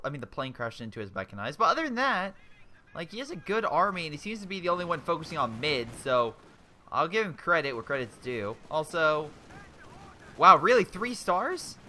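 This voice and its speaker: Young male commentator, excitable and chatty over game replays, bright ringing tone, faint hiss behind. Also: a little high, fairly quick. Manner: excitable, exclaiming, rambling with restarts.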